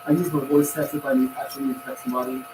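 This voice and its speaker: A man hosting a casual podcast chat, rambling and complaining with animated energy. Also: mid-range voice, very fast, music in the background. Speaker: podcast host. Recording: echoey room, far from mic, noisy.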